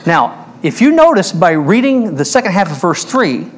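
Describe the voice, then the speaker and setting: Slow, emphatic preaching man. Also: high voice, sing-song. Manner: emphatic, asks the congregation questions. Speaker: pastor. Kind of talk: verse-by-verse sermon. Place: church.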